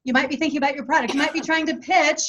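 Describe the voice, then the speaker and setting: A woman sales expert giving calm, instructive advice on a panel over a video call. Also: high voice, rapid-fire, muffled recording.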